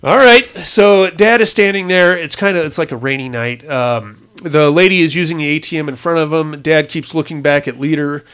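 A man chatting loosely about a movie, slipping into voices for each character as he retells the scenes. His voice sits a touch higher than most men's. The tone stays casual and crude throughout. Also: moderate pace, hardly any pauses, clear, resonant tone. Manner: animated retelling, acts out characters' lines in shifting voices. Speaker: podcast co-host recapping a movie. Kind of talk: casual profane chat.

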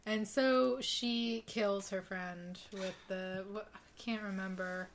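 A woman's voice: medium pitch, steady tone, slow, a little hiss or hum. A woman co-hosting a podcast, chatting casually and chiming in with corrections. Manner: chatty, adds corrections, laughs. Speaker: podcast co-host. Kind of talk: casual chat.

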